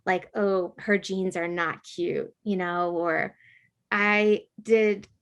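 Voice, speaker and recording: A middle-aged woman, a podcast guest, telling a school story in a casual, animated way, with lots of filler words. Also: on the low side, slow pace.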